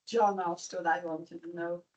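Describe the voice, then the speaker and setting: Quiet, lowish Welsh woman. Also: fairly even intonation, unhurried. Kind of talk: council meeting discussion. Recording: dull lo-fi meeting room recording.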